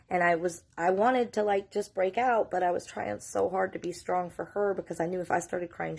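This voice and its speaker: A woman's voice: fairly low pitch, creaky, a little mellow. A middle-aged woman, a mother telling her family's story to camera, earnest and candid with frequent swearing, holding back tears.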